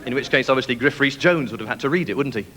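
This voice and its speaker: A man doing a quick-fire stand-up routine with jokes. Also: medium pitch, pushed and bright, a little hiss or hum. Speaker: stand-up comedian.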